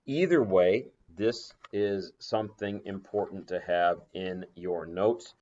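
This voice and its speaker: A male teacher giving a recorded lesson, talking in a conversational way, pausing on fillers and correcting himself as he goes. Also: sits low, mellow.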